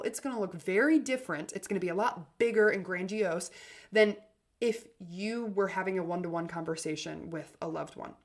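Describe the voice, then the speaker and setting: A woman hosts a self-help podcast in a casual, coaching tone. She speaks with emphatic energy and often restarts a phrase. Her loudness rises and falls for effect. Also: medium pitch. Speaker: podcast host.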